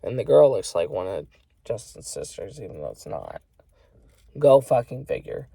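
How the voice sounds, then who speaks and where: A man's voice: lowish voice, very animated, normal speed, creaky, mellow, husky, no room sound. A man ranting casually on a vlog, rambling and swearing a lot, filling gaps with "you know". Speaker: vlogger. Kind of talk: casual rant to camera.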